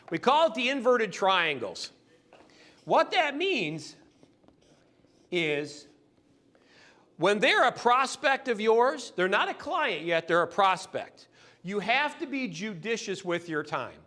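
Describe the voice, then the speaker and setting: A man giving a sales training talk, animated and acting out customers' lines in quick voices. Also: high-pitched.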